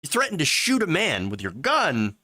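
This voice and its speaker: A man's voice: fairly high pitch, wildly swooping pitch, moderate pace, sharp tone. A man hosting sarcastic political commentary, mocking and mimicking the people he talks about. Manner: mocking, with exaggerated mimicking voices.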